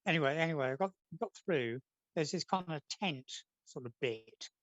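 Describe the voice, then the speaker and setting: A man's voice: a little high, expressive, normal speed, fairly bright tone, no room sound, muffled recording. A man, a comic artist guest, chatting casually and telling rambling anecdotes, acting out what people said.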